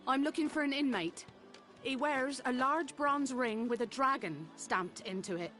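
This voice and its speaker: A woman's voice: sits high, a little slow, a bit bright, faint music behind. A woman voicing a determined woman in a video game, questioning someone urgently about a missing inmate. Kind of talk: voiced video game dialogue.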